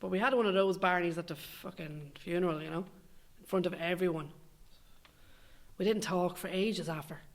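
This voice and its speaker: A woman's voice: lowish voice, moderate pace. A young Irish woman delivering a scripted comic monologue, sweary, sardonic and rambling. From Ireland. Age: young adult. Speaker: comedic monologue performer.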